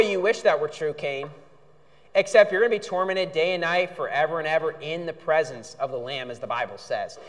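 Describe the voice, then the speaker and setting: A man's voice: fairly high pitch, a little fast. A male pastor preaching a sermon, indignant, with outbursts when angry. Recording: reverberant hall.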